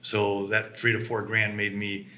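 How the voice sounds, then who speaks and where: A man recounting how his business began, with a bright, forward voice. He tells his stories with animation and acts out the quotes. The room around him rings with echo. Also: fairly low pitch, completely flat delivery, measured pace. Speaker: co-founder of a mobile home business. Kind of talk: casual conversation. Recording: roomy echo.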